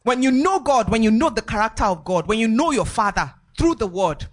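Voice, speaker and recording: A woman's voice: fairly high pitch, lively intonation, fairly quick. A woman preaching a sermon, emphatic and repetitive, with sing-song rises in her voice.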